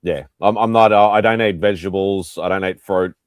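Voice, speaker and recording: A man's voice: low voice, fairly even intonation, brisk, clear, resonant tone, no echo. A man hosting a casual livestream chat, joking and rambling as he talks. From Australia. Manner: joking, rambling, laughs often. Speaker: host.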